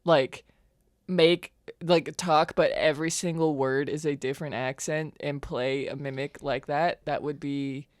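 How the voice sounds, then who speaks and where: A woman's voice: deep voice, steady tone, a little slow, no echo, studio quality. A woman player on a tabletop role-play podcast, chatting casually and laughing often in an easygoing way.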